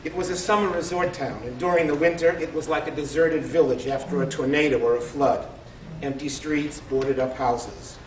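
Man in his 60s, live comic story reading, wry punchlines, high voice, roomy echo, distant mic. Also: fairly even intonation, normal speed, slight background noise. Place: live event in a store showroom. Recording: echoey room, distant mic.

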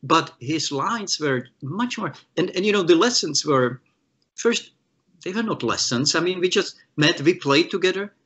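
A man from the Czech Republic, a guest guitarist, telling animated stories in an interview and acting out the voices of the people he quotes, with many restarts. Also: a little high, normal speed, husky. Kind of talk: storytelling in an interview.

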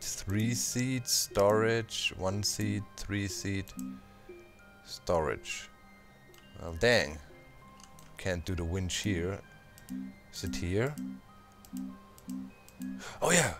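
A man hosting a gameplay channel, chatting casually and thinking out loud as he plays, throwing in little sound effects. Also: fairly low pitch. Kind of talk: casual let's-play commentary.

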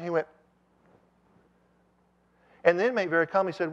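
A man preaching a sermon and telling stories with animated emphasis. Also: a little high, moderate pace, long pauses, lo-fi sound. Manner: animated storytelling, with rising emphasis.

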